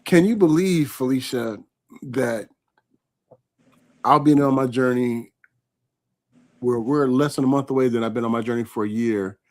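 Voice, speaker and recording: A man from California hosting a live online interview, chatting warmly and reading out viewer comments as he goes. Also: mid-range voice, normal speed, pauses often. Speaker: host.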